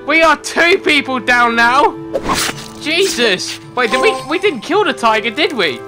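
Young man, gaming commentary, jumpy and loud at surprises, very animated intonation. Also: very high voice, unhurried, loud music behind the voice. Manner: excitable, yelps and shouts at surprises. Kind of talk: let's-play commentary.

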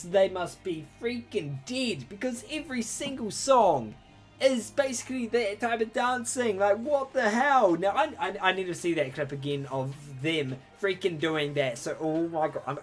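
A young man hosting a reaction video, talking casually and breaking into hyped exclamations. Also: sits high. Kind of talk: excited reaction commentary.

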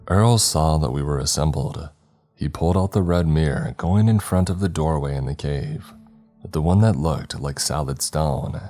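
A man with a very deep, low voice reads a horror story slowly and dramatically. Faint music plays under his narration. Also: a little mellow. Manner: slow, measured, dramatic reading.

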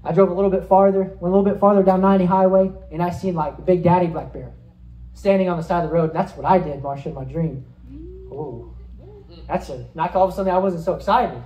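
Animated preacher in an echoey hall. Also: male voice, sits high, fast, dull audio. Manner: animated storytelling, acting out scenes, rising to shouts. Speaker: pastor. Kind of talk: sermon with storytelling and prayer.

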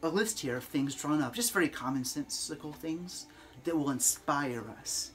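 A woman's voice: low-pitched, normal speed, lightly acted. A woman playing an eager male pamphleteer who talks hesitantly and stumbles over his words.

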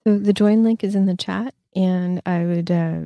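A woman's voice: on the low side, steady tone, moderate pace, no echo, muffled recording. A woman in her fifties hosting a casual livestream, telling stories with lots of fillers and restarts. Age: 50s. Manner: rambling storyteller, many fillers and restarts. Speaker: host.

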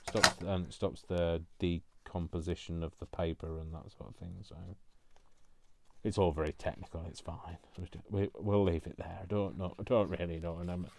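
A man's voice: low voice, fairly even intonation, normal speed, gravelly, fairly bright tone, slight background noise. A man talking casually while he crafts, rambling and teasing himself along the way. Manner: rambling, self-mocking asides. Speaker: craft vlogger.

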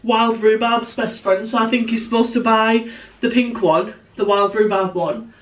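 A woman's voice: fairly high pitch, fairly even intonation, normal speed, recorded from a distance. Chatty young woman in an echoey kitchen. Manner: chatty and teasing, laughs often. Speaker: vlogger. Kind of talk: casual chat. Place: home kitchen, indoors.

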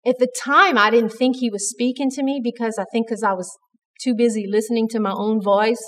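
A woman's voice: fairly high pitch, steady tone, a little fast, big-room sound. A woman giving an earnest, conversational devotional talk at church, with frequent restarts. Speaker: church speaker.

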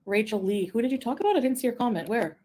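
A woman from Quebec chatting casually on a live stream, reading viewer comments, rambling and giggling, sometimes trailing off into a soft mumble. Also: fairly high pitch, animated, very fast. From Quebec, Canada. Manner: rambling, easily distracted, giggly asides. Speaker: livestreamer.

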